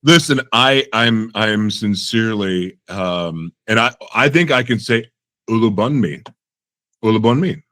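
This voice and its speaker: Deep-voiced laughing podcast host, man. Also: measured pace, hardly any pauses, pushed and bright, no echo. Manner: self-deprecating, laughs often, acts out his own reactions. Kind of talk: casual conversational interview.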